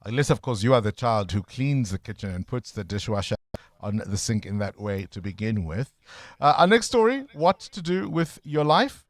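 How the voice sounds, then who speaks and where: A male radio host, chatting in a relaxed, playful way on breakfast talk radio. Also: on the low side, moderate pace, dry recording.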